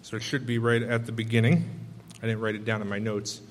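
A man's voice: fairly low pitch, level tone, a little fast, in a large hall, a little hiss or hum. A male pastor giving a sermon, talking loosely and off the cuff and throwing out rhetorical questions to the congregation.

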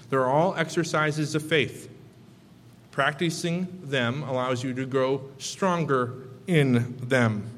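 A man preaching a sermon in a loose, off-the-cuff way that leans on rhetorical questions. His voice sits in an ordinary middle pitch. A long reverb trails behind him, as in a large hall. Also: a little hiss or hum. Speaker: pastor.

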